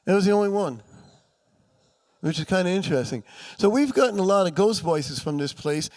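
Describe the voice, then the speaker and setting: Chatty New man, high voice. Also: animated, brisk, darkish tone. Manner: chatty storyteller, acts out quoted voices. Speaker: paranormal author and speaker. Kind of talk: live talk to an audience. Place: festival room with audience.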